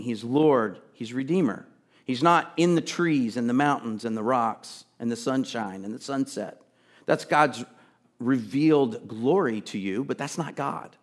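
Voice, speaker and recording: A male pastor preaching a sermon in a conversational way, with casual asides and emphatic repetition. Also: medium pitch.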